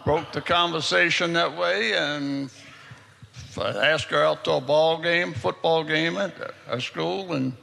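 A man's voice: a little high, fairly even intonation, a little slow, gravelly, bright, forceful tone. An older man in his seventies, an audience member who answers in a mild, dry way and tells his story without hurry. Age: 70s or older.

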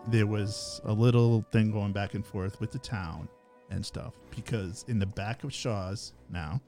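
A man's voice: fairly low pitch, unhurried, warm tone, soft background music. A man hosting a casual podcast chat, telling a conspiratorial local story and laughing often.

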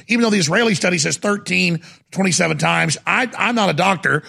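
A man's voice: high-pitched, expressive, fairly quick, gravelly, sharp tone, breathy edge. A man hosting a talk show, interviewing a guest in an indignant, rambling way and cutting in often. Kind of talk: heated interview.

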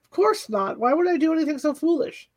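A proud older wife, married for decades, speaks in a fairly high voice with quick, waspish retorts, as a woman narrating puts her on. It is close to the reader's own voice. It sounds like a plain audiobook character reading. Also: lively intonation. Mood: indignant.

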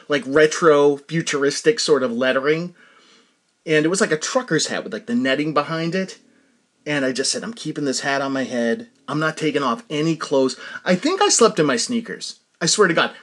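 A middle-aged man hosting a podcast, telling a meandering childhood story in a loose, self-mocking way. His pitch swings widely, and he breaks into laughter often. His voice sits a bit high for a man. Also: a bit bright. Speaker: podcast host. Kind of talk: casual storytelling monologue.

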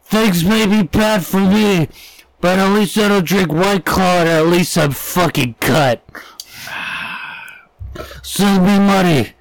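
High gravelly man cracking crude jokes. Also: slow pace, long pauses, no room sound, poor audio. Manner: crude, absurd deadpan jokes. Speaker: podcast co-host. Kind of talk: casual comedic banter.

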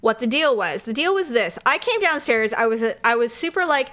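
A woman in her forties co-hosting a podcast with her husband, telling stories in an animated way and swearing freely. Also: high voice, moderate pace, hardly any pauses. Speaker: podcast co-host. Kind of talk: casual chat.

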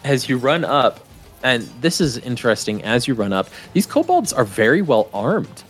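A man's voice: medium pitch, very animated, moderate pace, soft background music. A man narrating a tabletop game as game master, casual with many fillers.

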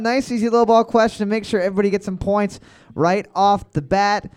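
A man hosting a live comedy trivia night in a bar, reading questions and cracking deadpan absurd jokes. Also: sits high, fairly quick, clean tone. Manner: joking, deadpan absurd asides, quiz-reading cadence.

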